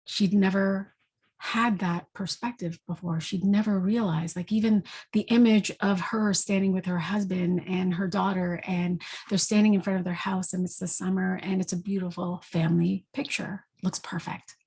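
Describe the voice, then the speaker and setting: A woman giving an intuitive energy reading, calmly telling a vision in a gentle, reflective way. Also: fairly low pitch, moderate pace, slightly rough. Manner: gentle, reflective storytelling with fillers. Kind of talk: spoken guided vision.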